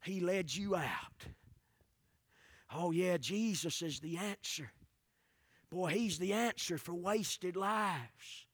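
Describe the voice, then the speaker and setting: A man preaching a revival sermon, swinging from quiet storytelling to shouted preaching. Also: high voice, slow, pauses often, no echo, clean studio sound.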